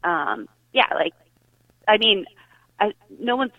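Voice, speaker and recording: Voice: medium pitch, expressive, slow pace, no room sound. A podcast guest from Massachusetts chatting casually over a call, hesitant with many fillers. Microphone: phone or call line. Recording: tinny dry phone line.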